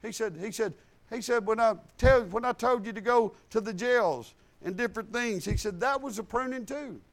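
A man's voice: sits high, moderate pace. A man preaching a sermon, retelling talks with God and mixing scripture quotes with folksy plain talk.

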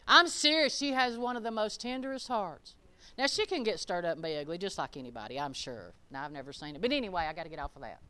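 A woman's voice: lowish voice, pushed and bright, clear, resonant tone. A woman preaching a sermon in a folksy, conversational, emphatic way.

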